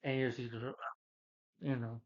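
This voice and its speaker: A man's voice: medium pitch, flat delivery, slow pace, a little mellow, lo-fi sound. A man reviewing a film in a casual, rambling rant, retelling scenes loosely and filling gaps with lots of "you know" and "uh". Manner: loose, meandering retelling with many fillers.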